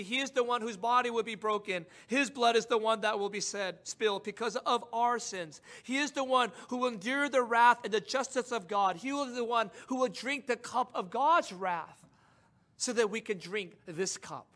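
Male pastor, high bright voice, impassioned sermon delivery with soft asides and swelling emphasis.

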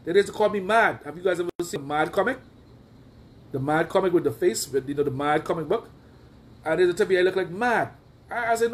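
Man, high-pitched voice, sermon, emphatic preacher, repeats phrases, rhetorical questions. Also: fairly quick. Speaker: prophet preaching.

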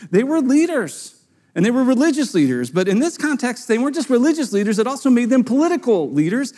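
A man, a pastor, preaching a sermon in a conversational way and playing out the people in his story with quick voices. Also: a little mellow. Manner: conversational, acts out quoted voices with sudden high pitch jumps.

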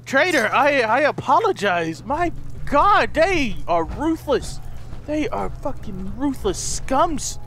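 A young gaming YouTuber commentates with loud, goofy mock-heroic bravado. His voice sits unusually high and sounds bright and sharp, and he swings between shouted boasts and muttered asides. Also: very animated, slow. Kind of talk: comedic gameplay commentary.

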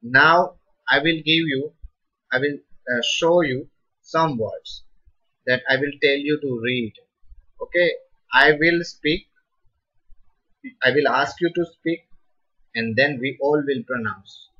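A man's voice: a little high, slow pace, pauses often, bright, forceful tone, husky. A man with an Indian English accent teaching Sanskrit in a live online class, patient and encouraging, praising students as they read words aloud. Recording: dull lo-fi recording.

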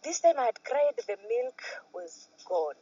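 A Kenyan woman tells her story with a voice that rises and falls sharply, dropping to near-whispers and then bursting out loud. Her tone is slightly husky and a little high. She sounds muffled, as if recorded from some distance. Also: unhurried. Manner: animated, switches between soft near-whispers and loud outbursts. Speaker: guest. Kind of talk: emotional personal storytelling.

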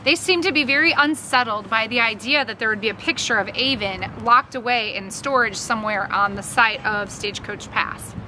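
A woman reading a middle-grade novel aloud with expressive storytelling and brief commentary. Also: fairly high pitch, moderate pace, few pauses, noisy background. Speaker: audiobook reader.

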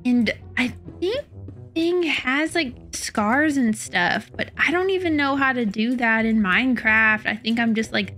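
A woman's voice: fairly high pitch, unhurried, fairly bright tone, faint music behind. A young woman giving casual, chatty gameplay commentary while building, often doubting herself and laughing at her own work. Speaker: Minecraft build-battle player.

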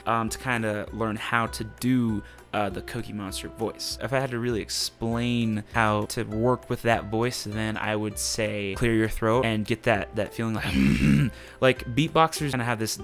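A man's voice: lowish voice, fairly bright tone. A young man hosting a casual voice tutorial, rambling with many ums and uhs. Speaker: voice tutorial youtuber.

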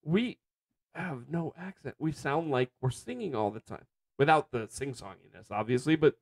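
A man's voice: a little high, lively intonation, normal speed, creaky, darkish tone. A man with an American accent co-hosting a reaction video, trading dry, joking banter in short quips. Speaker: reaction channel co-host. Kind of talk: casual chat.

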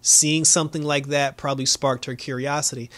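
A man's voice: mid-range voice, little pitch movement, a little fast, fairly bright tone, no room sound. A man casually recapping a TV episode, talking loosely with many fillers and breaking into laughter now and then. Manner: loose, lots of fillers, laughs often, acts out quotes. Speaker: show reviewer.

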